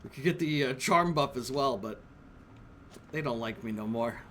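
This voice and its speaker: A man's voice: medium pitch, moderate pace, bright, forceful tone, a little hiss or hum. A man streaming a video game, rambling casually and swearing as he plays. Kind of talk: casual gameplay commentary. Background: game music.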